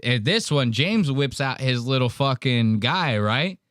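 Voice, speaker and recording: A man's voice: mid-range voice, animated, unhurried, a bit bright, dry recording, clean studio sound. A man hosting a podcast, riffing crudely and jokingly on video clips in a rambling, profane way. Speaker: podcast host. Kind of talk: crude comedic commentary on clips.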